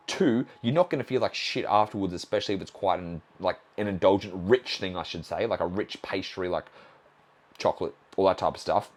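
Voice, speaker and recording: Male coach, animated swings in pitch, blunt and sweary, chatty solo podcast delivery. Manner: blunt, frequent swearing, acts out conversations. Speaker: nutrition coach and podcast host.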